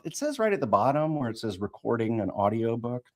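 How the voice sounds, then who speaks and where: A man's voice: medium pitch, big pitch swings, fairly quick, hardly any pauses, darkish tone. A man in his fifties from the American Midwest, reading an audiobook live, retaking lines and chatting with his viewers. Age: 50s. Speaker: audiobook narrator and livestream host.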